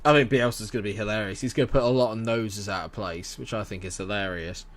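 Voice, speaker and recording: A young man talks through a live game stream. His voice sits a bit low. He rambles cheerfully and breaks off to answer chat messages. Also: fast talker. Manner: chatty, rambling, reads chat aloud and answers it. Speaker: gaming streamer. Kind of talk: casual live-stream commentary.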